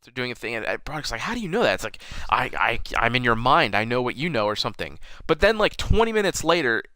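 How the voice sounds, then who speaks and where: A man in the middle of a casual movie review chat, his pitch rising and falling a lot as he talks. His voice is bright and forceful, and the recording is dry and close with almost no room sound. He swears freely as he goes. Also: quick pace, no room sound. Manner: animated, swears and laughs freely. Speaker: movie review podcast co-host.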